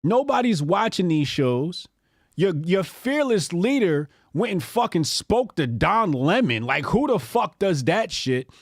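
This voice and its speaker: A man hosting a political commentary show speaks in a slightly high, very animated voice, a little slowly, sinking into low mutters before leaping into mocking outbursts. He is profane and sneering and does mocking impressions of opponents, recorded close and dry with no echo.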